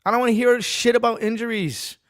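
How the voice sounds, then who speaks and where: A man's voice: very high voice, steady tone, a little fast, a bit bright, no echo, clean studio sound. A man from Massachusetts hosting a sports podcast, ranting bluntly and profanely and hammering his points home by repeating them.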